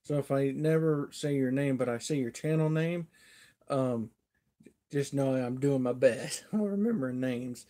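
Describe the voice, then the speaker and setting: A man's voice: mid-range voice, unhurried, mellow. A man hosting a casual livestream, telling a rambling folksy story and chuckling often. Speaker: livestream host.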